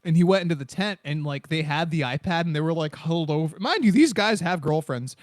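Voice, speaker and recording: A young man co-hosting a comedy podcast, telling stories in an animated way with laughter and quick asides. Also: on the high side, no room sound, studio quality. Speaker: podcast co-host. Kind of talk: casual comedic storytelling.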